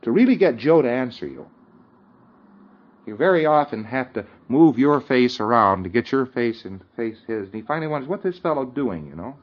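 A man's voice: mid-range voice, animated, moderate pace. Man lecturing casually on dull old tape. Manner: informal, keeps checking in with listeners, chuckles often. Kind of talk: conversational lecture.

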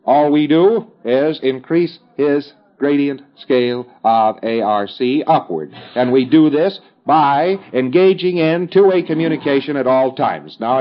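A man's voice: mid-range voice, normal speed. A man lectures in a mid-range voice, conversational but emphatic, and drops in folksy fillers as he explains. The sound is dull and muffled, like an old lo-fi tape. It feels like an instructional talk to a class.

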